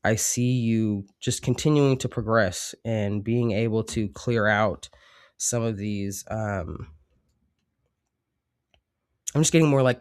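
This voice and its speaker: A man with a congested cold voice, giving a casual, rambling tarot reading with many fillers. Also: on the low side. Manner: rambling, reflective, with frequent fillers. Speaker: tarot reader.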